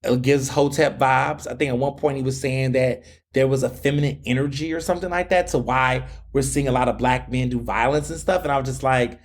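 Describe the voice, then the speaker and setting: A man in his thirties hosting a solo commentary podcast, talking in a sassy, animated way, firing back mocking retorts. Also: mid-range voice, a little fast. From United States. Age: 30s. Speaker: podcast host.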